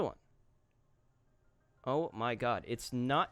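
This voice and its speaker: A man's voice: medium pitch, animated, unhurried, long pauses, fairly bright tone, no room sound. Casual male streamer reacting offhand. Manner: reactive, reads posts aloud and comments offhand. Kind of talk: casual live-stream commentary. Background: faint guitar music.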